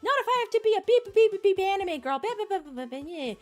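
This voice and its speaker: A woman doing a high, whiny, scoffing sister. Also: lively intonation, soft background music. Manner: high, fast, mocking.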